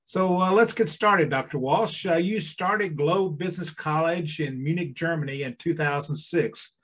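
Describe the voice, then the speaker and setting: A man's voice: fairly high pitch, normal speed, a bit bright. A man hosting a podcast, reading a formal scripted guest introduction and then asking questions with some hesitation. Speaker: podcast host.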